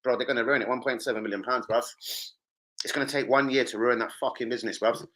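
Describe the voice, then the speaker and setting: A young man, hosting a football live stream and chatting with his viewers in an animated, slangy and sweary way. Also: medium pitch, fast, low-quality recording. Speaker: football livestream host. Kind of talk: casual live-stream chat.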